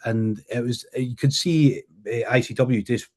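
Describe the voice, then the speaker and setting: Halting podcast host. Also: male voice, medium pitch, darkish tone. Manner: hesitant, halting. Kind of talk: casual chat.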